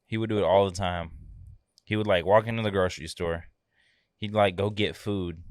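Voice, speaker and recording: A man's voice: low-pitched, fairly even intonation, normal speed, no echo. A man co-hosting a casual podcast, laid back, telling a story with short dry remarks. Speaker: podcast co-host. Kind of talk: casual chat.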